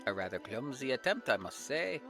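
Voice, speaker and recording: A woman's voice: rumbling low, very animated, fairly quick, music in the background, pitched below the performer's own voice, heavily acted. A woman voicing a suave male prophet with showy French flair, reading game dialogue aloud with smug theatrics.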